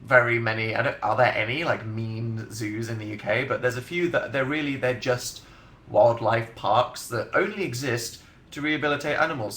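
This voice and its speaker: Chatting casually from an indoor bedroom livestream setup, a young man from England in his twenties rambles sardonically and laughs a lot while reading out comments. His voice is medium-pitched, bright, and forceful, and the room is reverberant.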